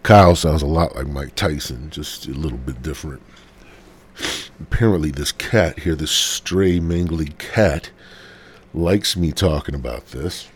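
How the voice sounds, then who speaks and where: This solo podcast host has a bass voice, slightly rough, and speaks a little slowly. Sick with a cold and stoned, he rants casually, rambling, swearing and letting out sighs.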